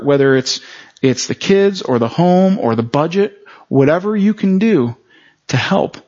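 Man, pastor, conversational sermon, fairly high voice, dull lo-fi recording. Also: a little mellow. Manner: frequent rhetorical check-ins with the audience.

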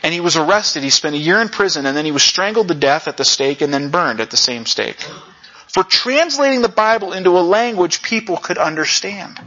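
A male pastor preaching a conversational sermon, often saying "you know" and jumping up in pitch for emphasis. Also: lively intonation, a little fast, sharp tone. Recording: lo-fi dull sound.

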